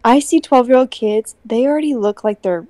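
Young female podcast co-host, fairly high voice, chatty, dry close sound. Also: moderate pace, mellow, dry recording. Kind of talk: casual chat.

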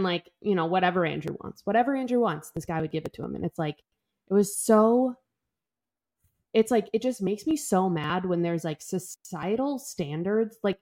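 A young woman co-hosting a podcast, telling a story in an animated, casual way, full of "like" and the odd swear. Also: mid-range voice. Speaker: podcast co-host. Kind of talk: casual chat.

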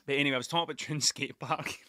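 Bright, sweary Scottish man rambling. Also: a little high, steady tone, racing, dry recording, studio quality. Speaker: podcast host. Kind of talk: casual solo monologue.

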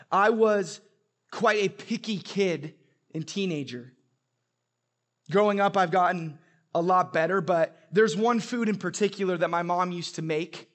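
A young adult man preaching a sermon, telling stories with humor and emphatic repetition. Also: high voice. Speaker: pastor.

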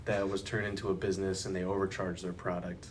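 A man's voice: sits low, level tone, quick pace, slight background noise. A young man co-hosting a podcast, chatting casually with a sarcastic, profane edge. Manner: sarcastic, swears freely. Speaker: podcast co-host. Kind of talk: casual chat.

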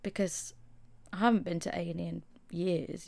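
Feeling shaky and unwell after a hospital stay, a young English podcast host tells a story in a chatty, casual solo episode. She speaks a little slowly in a low, gravelly, darkish voice with a steady tone and no echo, whispering the quoted asides.

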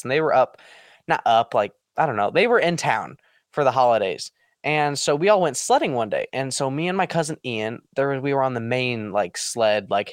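A man telling a story in casual chat with friends, animated and acting out quoted lines. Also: dry recording, clean studio sound. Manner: animated, acts out quotes with big pitch jumps. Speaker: podcast co-host.

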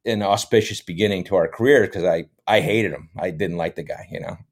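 A low-pitched, brisk middle-aged American, a comedy actor, is a guest on a podcast telling stories. He stays relaxed and rambling throughout the casual interview, dropping many fillers.

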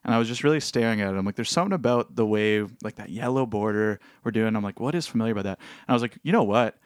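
A podcast co-host with a lowish male voice talks very fast in a casual chat, rambling with many fillers and restarts. He's using headphones and a studio mic, giving clean studio sound with no room noise.

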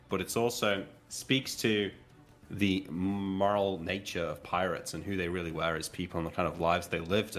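Lively lower-voiced man at a game table. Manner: animated, laughing, lecturing playfully. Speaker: player. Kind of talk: casual tabletop game chat.

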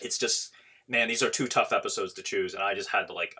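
A man's voice: on the low side, brisk, bright, forceful tone, slightly rough. A man hosting a podcast in casual chat, rambling with many restarts and laughs. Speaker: podcast host.

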